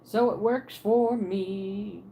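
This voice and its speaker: Speaking extremely slowly in a warm, mid-range voice, a Pennsylvania woman with a Pennsylvania Dutch accent and a Southern twang chats casually on a livestream from her apartment. She answers viewers' comments aloud.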